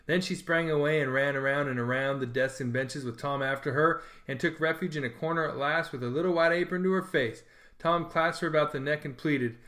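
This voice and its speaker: A man narrating a classic novel in a measured, expressive storybook reading. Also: medium pitch.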